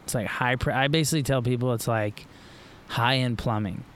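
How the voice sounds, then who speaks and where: A man's voice: medium pitch, fairly quick, fairly bright tone, a little hiss or hum. A middle-aged man from Florida, a pro surfer guest, talking in a loose, rambling way with lots of fillers and restarts. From Florida, USA. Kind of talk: casual podcast conversation.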